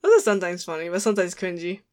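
A woman co-hosting a podcast, reading out quiz questions in a quick, teasing way and laughing often. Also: fairly low pitch, animated, darkish tone. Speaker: podcast co-host running a quiz. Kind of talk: casual podcast chat.

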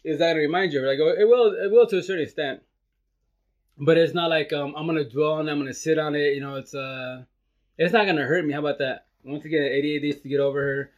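Here the dad talks fast in a slightly high voice, the lo-fi sound coming through his phone stream. Chatting loosely with his followers from home, he wanders, restarts his thoughts, and drops the occasional Spanish word.

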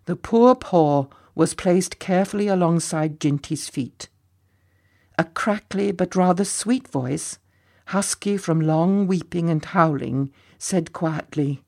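A man reading a story aloud as narrator in a measured, expressive way. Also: fairly high pitch, creaky.

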